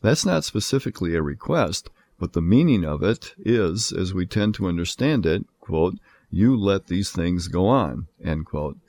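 Deep gravelly male Bible lecturer. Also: a little mellow. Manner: measured, says "quote" and "end quote" around citations. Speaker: Bible teacher. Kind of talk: lecture on scripture.

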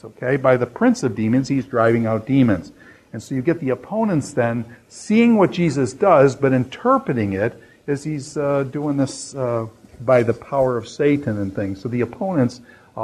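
Husky-voiced man teaching scripture. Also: medium pitch, darkish tone, rough recording. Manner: conversational, many fillers and restarts, quotes scripture. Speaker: Bible teacher. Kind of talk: unscripted classroom lecture.

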